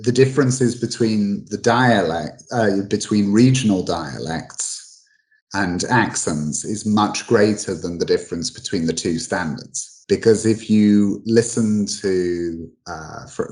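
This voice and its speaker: Low-voiced male guest, halting explainer with many restarts, casual talk. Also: darkish tone, rough recording. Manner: halting, full of restarts and fillers. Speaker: guest expert on English dialects.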